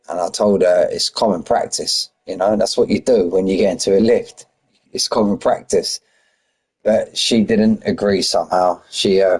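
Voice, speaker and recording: Brief: middle-aged bloke, slightly low voice, loose banter-heavy stream chat, greets chat by name. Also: male voice, darkish tone. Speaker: sim racing league commentator.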